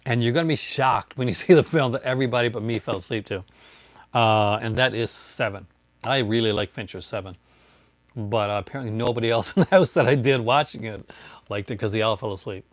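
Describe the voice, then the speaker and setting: A man's voice: mid-range voice, brisk. This is a man in an easygoing show-and-tell, chatting loosely, chuckling often and calling out to viewers by name. His voice sits in a middling register. The sound is dry and close, with no room echo. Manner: chatty, rambling, laughs often, greets viewers. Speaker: collector showing his discs. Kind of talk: casual livestream show-and-tell.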